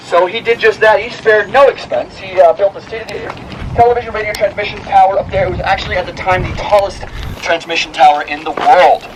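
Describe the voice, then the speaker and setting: A man with a fairly high voice guides a hike, chatty and upbeat, trading corny jokes with the group. He talks outdoors on a mountain trail. Clear wind and outdoor noise sit behind him. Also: steady tone, fast talker. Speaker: hiking tour guide. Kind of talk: joking tour narration.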